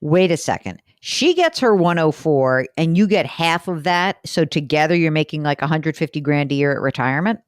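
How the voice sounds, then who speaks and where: Woman, low voice, big swings in pitch, dry close sound, chatty podcast host. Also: normal speed, hardly any pauses, dry recording. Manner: chatty, animated, laughs easily. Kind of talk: casual chat.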